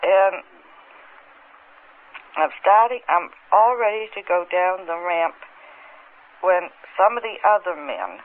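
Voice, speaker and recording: A woman recounting an experience under hypnosis in a halting, present-tense way, often repeating words, on an old archival tape. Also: fairly low pitch, expressive. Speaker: hypnosis subject. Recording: tinny old archival tape with faint hiss.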